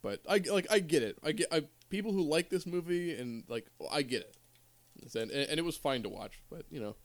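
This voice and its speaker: A man co-hosting a casual podcast, opinionated and rambling with many halting restarts. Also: on the high side, animated. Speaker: podcast co-host. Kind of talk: casual chat.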